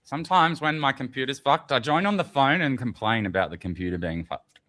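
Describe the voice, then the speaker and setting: A man's voice: medium pitch, brisk, sharp tone, dry recording. A man with an Australian accent in brash, swearing casual chat who laughs often.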